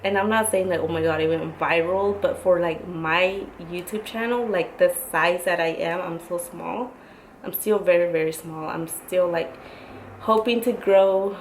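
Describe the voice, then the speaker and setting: Chatty woman in her twenties, lower-pitched. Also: a little mellow, slight background noise, low-quality recording. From Oaxacan family, raised in the US. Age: 20s. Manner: chatty, lots of "like" fillers, mixes in Spanish. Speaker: YouTuber. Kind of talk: casual vlog chat.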